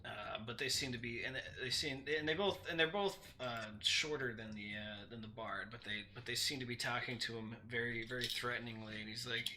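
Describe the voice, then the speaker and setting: A man narrating a tabletop game as game master, halting and full of restarts. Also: medium pitch, pushed and bright, slight background noise. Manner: halting, many fillers and restarts.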